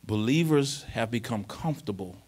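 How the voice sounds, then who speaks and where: A man's voice: mid-range voice, expressive, moderate pace, breathy edge. A man preaching a conversational sermon in a church, often asking the congregation whether they follow him and growing more emphatic as he reads scripture. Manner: informal, repeatedly checks in with the congregation; rises to emphatic, louder delivery when reading scripture. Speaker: pastor.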